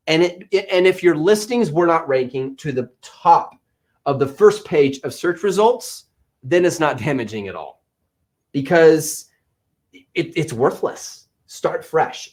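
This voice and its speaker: A man in his thirties hosting a live-stream Q&A from an office, answering chat questions on selling with energetic, playful teasing. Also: on the high side. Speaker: livestream host and Amazon seller coach.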